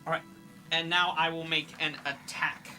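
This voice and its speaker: A man's voice: a little high, flat delivery, moderate pace, bright, forceful tone, faint music behind. A man playing a tabletop game, talking hesitantly with many fillers. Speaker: player.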